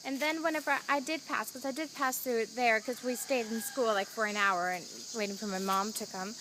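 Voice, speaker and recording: A woman's voice: fairly high pitch, fairly even intonation, brisk, noisy background. A teenage girl venting to camera in a chatty storytime, swearing often and replaying events as back-and-forth dialogue. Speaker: vlogger. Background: roosters crowing faintly outside.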